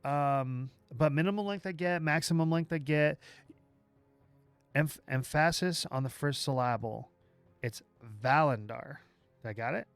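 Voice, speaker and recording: A man hosting a livestream, walking through software live while thinking aloud, with halting restarts, and chatting with viewers as he works. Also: on the high side, smooth, dry recording, faint music behind. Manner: chats with viewers while working. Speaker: livestream host.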